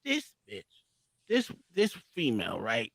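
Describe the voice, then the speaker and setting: A man's voice: mid-range voice, wildly swooping pitch, measured pace, gravelly, a bit bright, no echo, studio quality. A man on a podcast, casually telling a story in a profane way and acting out heated quotes. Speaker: podcast co-host.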